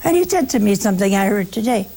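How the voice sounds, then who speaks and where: A woman giving a folksy, humorous religious talk to listeners, sometimes dropping into a hushed aside. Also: mid-range voice, expressive, fast, creaky, a little hiss or hum. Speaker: religious speaker. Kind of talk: conversational broadcast talk to listeners.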